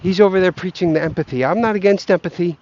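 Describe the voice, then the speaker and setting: A man's voice: high-pitched, fast, a little mellow. A young man ranting casually outdoors, swearing often and rambling between half-formed thoughts. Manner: profane, rambling, self-doubting. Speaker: vlogger. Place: outdoors, near geese. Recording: muffled lo-fi recording.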